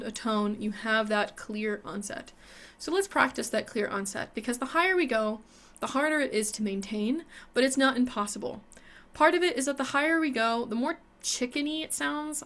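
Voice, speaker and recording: A woman's voice: a little high, a bit bright. A young woman teaching an online singing lesson, explaining technique and demonstrating exercises between explanations.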